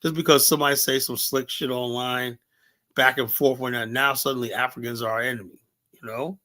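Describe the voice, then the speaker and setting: A middle-aged American man running a livestream. He rambles in a casual way, full of fillers, restarts and swearing. His voice sits at a medium pitch for a man. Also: fairly even intonation, fairly quick, sharp tone. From United States. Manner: loose, rambling, heavy filler words and profanity. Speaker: livestream host.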